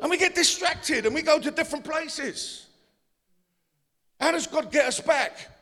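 Preacher, man, high and bright voice, shouting sermon, long hall reverb. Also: unhurried. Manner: preaching, rising to shouts, asks the congregation questions. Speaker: pastor.

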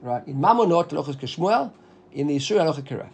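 Husky man teaching a Talmud class. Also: fairly high pitch, racing. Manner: animated, explaining with frequent "right?".

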